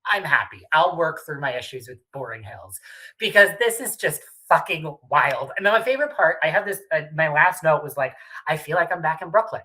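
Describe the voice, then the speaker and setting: A woman's voice: low voice, expressive, a little fast, bright, forceful tone, low-quality recording. A woman co-hosting a casual podcast chat recapping reality TV, emphatic and swearing freely. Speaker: podcast co-host.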